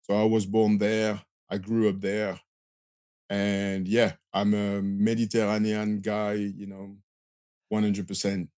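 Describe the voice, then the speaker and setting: Lowish, monotone and dark, this man's voice comes across clean and echo-free as he takes his time. He's a French lighting system designer in his forties with a heavy Marseille accent, a hesitant interview guest who keeps restarting and leans on fillers in casual talk.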